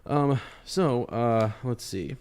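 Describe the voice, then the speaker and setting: A man's voice: medium pitch, takes it slowly, darkish tone, clear, resonant tone. A man co-hosting a book podcast in casual chat, easygoing, laughing often and repeating words as he thinks. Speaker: podcast co-host.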